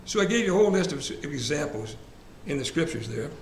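A man's voice: fairly high pitch, sing-song, fast talker. A man leading a church Bible study class in a conversational way, asking the group questions and repeating verse references. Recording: echoey room, faint ambient hiss.

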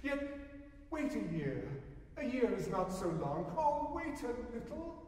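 A man's voice: big pitch swings, unhurried, darkish tone, far from the mic, exaggerated voice. A man voicing a tender, hesitant mother who pleads in a raised, emotional voice, recorded live from afar in a roomy hall. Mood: pleading. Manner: pleading, rising high in emotion. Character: woman, a poor widowed mother, tender, hesitant.

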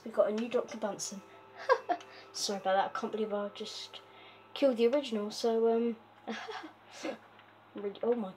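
A woman's voice: fairly high pitch, darkish tone, a little hiss or hum. A woman hosting a casual game walkthrough, chatty and giggly, with lots of fillers and a habit of talking to her pet. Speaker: gaming video host.

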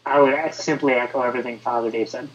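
A man on a panel, answering briefly in a gentle, halting way. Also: mid-range voice, fairly even intonation, lo-fi sound.

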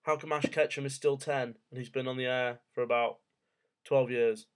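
A young man in his twenties talks to camera at home, drifting from one odd thought to the next. His delivery is jokey and offhand, full of rhetorical questions and casual swearing, at an everyday middle pitch. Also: fairly even intonation, normal speed, clear, resonant tone. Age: 20s. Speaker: vlogger. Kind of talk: casual rambling monologue.

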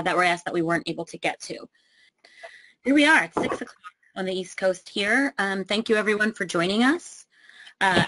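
A woman's voice: medium pitch, fairly bright tone, no room sound, low-quality recording. Woman hosting a webinar, dry sound. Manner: frequent ums, reading introductions. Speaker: webinar host.

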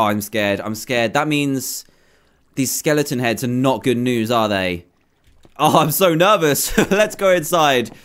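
A young man giving casual, excitable commentary while playing a video game, often playfully scared. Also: mid-range voice. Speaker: gaming YouTuber.

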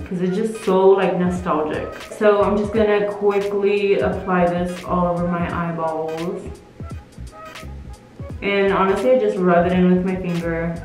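A woman's voice: fairly low pitch, darkish tone. Chatty woman in an echoey room. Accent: put-on British accent. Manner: chatty, rambling, playful. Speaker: makeup vlogger. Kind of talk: casual makeup tutorial chat. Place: at home. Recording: very echoey room with faint music.

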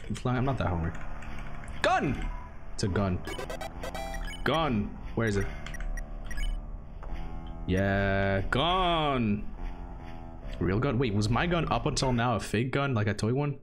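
A man streaming a video game, reacting excitably, repeating phrases and swearing. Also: medium pitch, measured pace, long pauses, soft background music. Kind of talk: live gameplay commentary.

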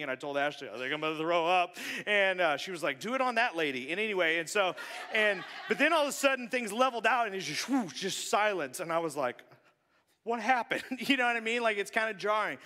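A man preaching a conversational sermon as pastor, moving between loud bursts and hushed near-whispers. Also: high voice. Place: church sanctuary. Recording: long church hall reverb.

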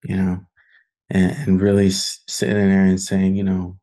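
A man's voice: low-pitched, completely flat delivery, normal speed, dark tone. A man leading an online film study group, talking in an earnest, conversational way with plenty of fillers. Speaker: discussion leader.

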